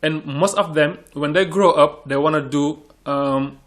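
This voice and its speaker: A man's voice: a little high, unhurried, a bit bright. A man from Senegal, an English teacher talking earnestly in a panel discussion and often repeating words as he searches for phrasing.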